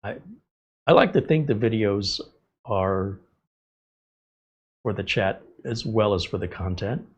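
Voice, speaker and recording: A man's voice: fairly low pitch, unhurried, pauses often, slightly rough, dull audio. A man hosting a live tech stream, answering viewer chat in a blunt, sarcastic way. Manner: blunt, sarcastic, lively asides. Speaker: tech show host.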